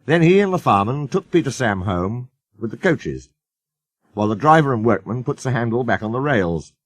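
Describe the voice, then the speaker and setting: A man's voice: mid-range voice, no room sound. A man reading a children's storybook aloud as narrator, doing the characters' voices. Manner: slow, lively intonation.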